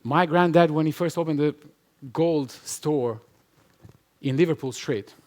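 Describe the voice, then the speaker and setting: A man's voice: on the high side, a little slow, darkish tone. A man giving a conference talk and answering audience questions, emphatic and repetitive, laughing often. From Albania. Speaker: conference speaker. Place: conference hall with live audience.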